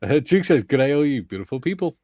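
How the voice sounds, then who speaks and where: A man's voice: medium pitch, sing-song, fast talker, a little mellow, no echo. A man co-hosting a hobby livestream, chatting casually and laughing often as he reads out viewer comments. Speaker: livestream co-host. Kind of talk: casual chat. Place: home studio, on a video call.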